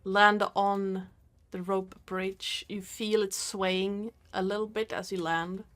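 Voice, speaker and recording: Woman GM narrating a tabletop game, slow and chill. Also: mid-range voice, flat delivery, a bit bright. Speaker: game master.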